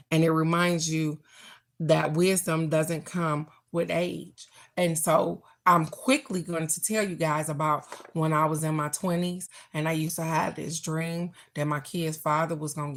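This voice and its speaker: A middle-aged woman with a somewhat low voice hosts a relaxed card reading for her online viewers. She talks straight to them in a blunt, affectionate, chatty way. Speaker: oracle card reader. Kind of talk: casual live-stream card reading.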